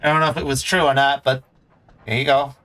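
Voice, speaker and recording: A man streaming a relaxed game, chatting in a rambling, playful, self-mocking way. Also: medium pitch, quick pace, low-quality recording. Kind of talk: casual gameplay commentary.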